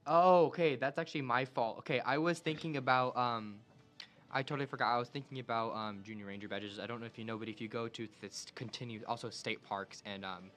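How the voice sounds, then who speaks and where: A young man chatting casually as a podcast co-host, telling animated stories and laughing often. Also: mid-range voice, fast talker. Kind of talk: casual chat.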